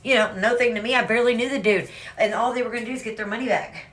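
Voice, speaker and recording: A woman's voice: fairly high pitch, racing, fairly bright tone, slight background noise. A woman casually telling her own story to viewers, rambling and swearing freely, often calling out "you guys".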